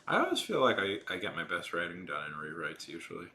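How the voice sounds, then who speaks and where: A man chats loosely with his stream viewers, rambling and restarting his sentences. His voice sits low but swings widely in pitch. The tone is bright and forward. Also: quick pace. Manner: animated, rambling with frequent restarts and fillers. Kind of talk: casual chat with live chat while drawing.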